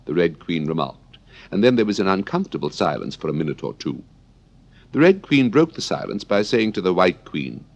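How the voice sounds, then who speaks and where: A man narrating an audiobook in a theatrical, lively storytelling manner. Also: low voice, fairly quick, creaky. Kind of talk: scripted narration.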